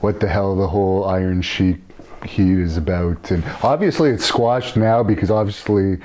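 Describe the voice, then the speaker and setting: A man's voice: low-pitched, moderate pace, mellow. A male host asking questions casually and directly in an interview.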